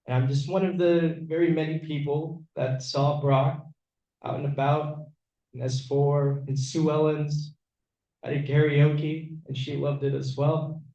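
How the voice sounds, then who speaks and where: A man offers a calm, reflective eulogy, his voice dark and mellow. He stands well away from the mic in a roomy, echoing venue, and the sound is dull and lo-fi. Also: a little high, unhurried. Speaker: friend giving a eulogy. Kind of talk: memorial speech with recited poem. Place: event venue room. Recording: echoey, distant, dull room audio.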